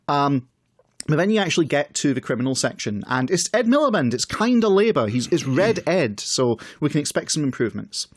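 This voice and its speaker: A man's voice: fairly high pitch, very animated, a little fast, no room sound. A man reads political text aloud on a podcast and adds wry asides. The sound is dry and close to the mic. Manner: wry, reads quotes then comments dryly. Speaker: podcast co-host. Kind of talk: casual chat, reading out manifesto.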